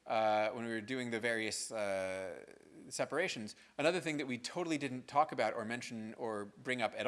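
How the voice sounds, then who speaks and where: A man's voice: medium pitch, fairly bright tone. Casual conversational male lecturer. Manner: conversational, frequent "right?" and fillers. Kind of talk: university lecture. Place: lecture hall.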